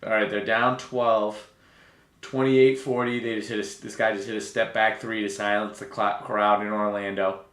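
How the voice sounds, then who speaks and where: A man's voice: lowish voice, flat delivery, moderate pace, fairly bright tone. A man casually commenting on a live basketball game, sarcastic and profane, ranting in exasperation at a struggling team. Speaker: live game watch-along streamer. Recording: roomy echo.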